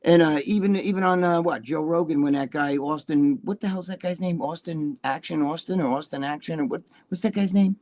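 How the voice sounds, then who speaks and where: A man's voice: a little high, brisk, hardly any pauses, a little mellow. An older man chatting as a guest, rambling and profane with many restarts. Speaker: guest, bodybuilding columnist. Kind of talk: casual live chat.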